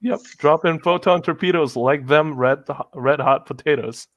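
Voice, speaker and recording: Man playing a tabletop game, hesitant, lots of pauses, slightly high voice, dry sound. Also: a bit bright, no room sound, dull audio. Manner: hesitant, many "uh"s and restarts. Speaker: player.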